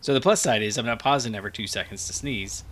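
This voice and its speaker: At a quick pace, a medium-pitched, fairly bright male voice rambles through a casual Let's Play. The gaming host is groggy after a nap and fills his musings with fillers, and a little hiss or hum can be heard.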